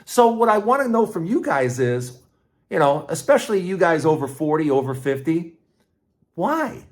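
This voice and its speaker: A middle-aged man hosting his own podcast, telling a personal story in a rambling, casual way with restarts and lively asides. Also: a little high, moderate pace. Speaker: podcast host.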